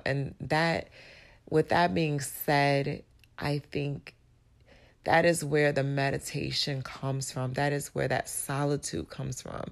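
A woman hosting a podcast in a casual motivational monologue, her voice raspy and hoarse as she recovers from illness, reflective and searching for words. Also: low-pitched. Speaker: podcast host.

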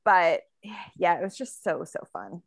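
A woman's voice: fairly low pitch, very animated, unhurried, creaky, no room sound. A woman author in a casual podcast interview, talking in a chatty way with many fillers and frequent laughter. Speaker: author guest.

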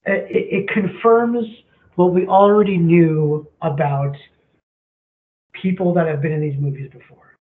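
A man co-hosting a casual movie podcast, agreeable and chiming in with quick replies. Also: a little high, fairly even intonation. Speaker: podcast co-host. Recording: tinny phone-like line in echoey room.

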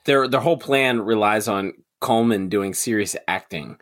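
A man's voice: lowish voice, normal speed, fairly bright tone. A man co-hosting a comedy podcast who talks casually and animatedly and corrects the details of the story. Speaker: podcast co-host.

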